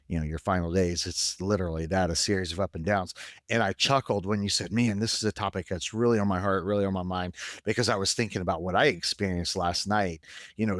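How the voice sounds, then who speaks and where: Animated, lower-voiced male podcast host. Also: no echo, studio quality. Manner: animated storyteller, swings between excited and deflated. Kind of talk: casual conversational podcast chat.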